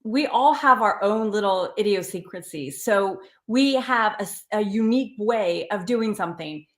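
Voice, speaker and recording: A woman's voice: medium pitch, moderate pace, echoey room. A woman hosting a live card reading, chatting and encouraging viewers by name. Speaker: tarot reader and live stream host.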